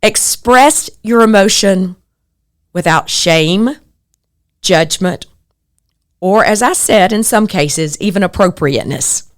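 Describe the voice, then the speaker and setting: A middle-aged woman hosts a personal podcast monologue, speaking earnestly and reflectively in a mid-range voice. She takes it slowly, pausing often, and grows animated when quoting others.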